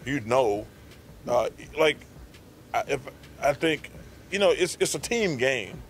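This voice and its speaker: A man answering an interview question quietly and haltingly, with many fillers. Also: mid-range voice, expressive, slight background noise.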